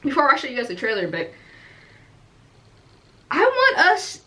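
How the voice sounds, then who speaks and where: A young woman from the United States giving casual reaction commentary, animated and full of rhetorical questions. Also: high voice, a little slow.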